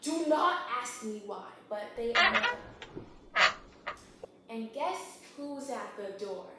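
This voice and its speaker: A young woman casually retelling a thriller plot while baking, gossipy and quick, acting out the characters' lines. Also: on the high side, animated. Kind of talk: casual chatty plot recap. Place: home kitchen. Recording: very echoey kitchen, faint hum.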